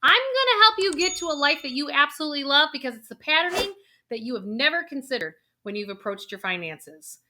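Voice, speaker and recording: A middle-aged woman, a financial planner, hosting a vlog and coaxing viewers through a guided emotional exercise, energetic in places and slow and soft on repeated affirmations. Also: sits high, noisy background. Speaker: financial planner and video host.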